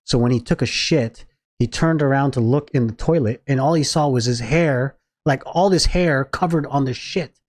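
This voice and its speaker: A man co-hosting a podcast, telling a crude family anecdote in relaxed, profane casual chat. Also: mid-range voice, normal speed. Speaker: podcast co-host.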